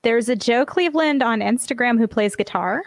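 A woman's voice: on the high side, expressive, normal speed, no room sound, studio quality. A woman co-hosting a podcast, adding wry, sarcastic quips in casual chat. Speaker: podcast co-host.

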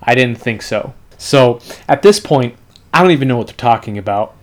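A man's voice: medium pitch, lively intonation, moderate pace. Sarcastic rambling podcast host man. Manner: sarcastic, rambling, many "you know" fillers. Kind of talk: casual political podcast chat.

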